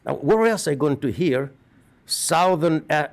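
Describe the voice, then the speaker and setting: A middle-aged man with a Russian accent, speaking as a rabbi giving an earnest funeral eulogy with measured storytelling. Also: a little high, expressive.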